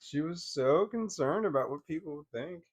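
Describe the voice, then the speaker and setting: A man's voice: on the high side, expressive, normal speed, slightly rough. Wry man telling a family story. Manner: wry, laughing, trails off into bitter quiet. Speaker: vlogger. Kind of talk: casual personal storytelling.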